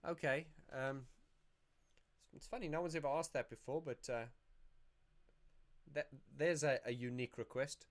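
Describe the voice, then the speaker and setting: A man's voice: medium pitch, steady tone, normal speed, pauses often. A man hosting a casual livestream Q&A, chatty and rambling, often laughing and restarting his sentences. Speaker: YouTube channel host.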